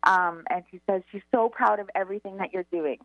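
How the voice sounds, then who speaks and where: A woman's voice: mid-range voice, brisk, no echo. Giggly psychic lady doing radio readings, tinny phone sound, dry. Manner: bubbly, laughs often. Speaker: psychic medium co-host.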